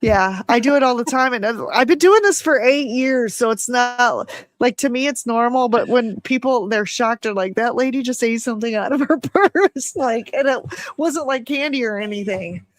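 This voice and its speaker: A woman's voice: fairly high pitch, normal speed, no echo, clean studio sound. A middle-aged woman hosting a casual interview, chatty and rambling, laughing as she tells stories. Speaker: host.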